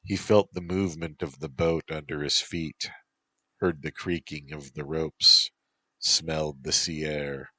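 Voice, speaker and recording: A man narrating a story in a slow, even reading voice. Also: rumbling low, no room sound.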